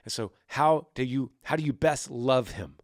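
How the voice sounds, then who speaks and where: A man in his thirties hosting a faith podcast, answering a listener in earnest, animated casual talk with frequent restarts, sometimes acting out quoted voices. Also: medium pitch, normal speed, dry recording, studio quality. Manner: frequent restarts and repeated words. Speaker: podcast host.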